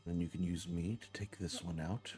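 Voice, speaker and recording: A man playing a soft coaxing inner spirit. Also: sits low, fairly even intonation, moderate pace, faint music behind, close to an everyday voice. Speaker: dungeon master.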